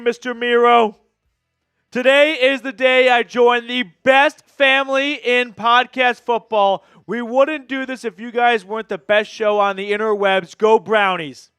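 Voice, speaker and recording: A man hosting a live fan stream, calling football plays quickly and casually, and bursting into excited shouts and chants when he reads out viewer donations. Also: very high-pitched, smooth, no echo, soft background music. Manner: rapid, casual play-calling with quick asides. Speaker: fan watch-party host doing play-by-play. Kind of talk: live stream play-by-play and chat.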